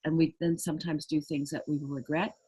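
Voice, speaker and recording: Low, husky woman explaining calmly. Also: fairly quick, poor audio. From United States. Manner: earnest, acts out little quoted voices. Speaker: guest, trauma resilience trainer. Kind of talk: conversational interview explanation.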